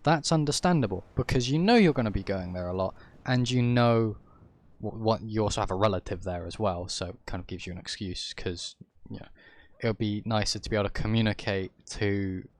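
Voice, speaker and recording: A man's voice: on the low side, a little fast. A man from England with an English accent, rambling through an opinionated livestream rant and correcting himself as he goes. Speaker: streamer. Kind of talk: casual ranting livestream talk.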